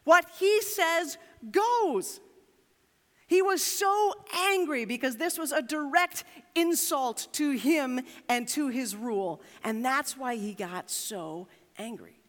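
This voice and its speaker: A woman pastor with a high voice preaches to her congregation, with expressive, dramatic delivery. Her voice carries through a church sanctuary with a long, echoing reverb. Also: slow pace. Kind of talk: sermon.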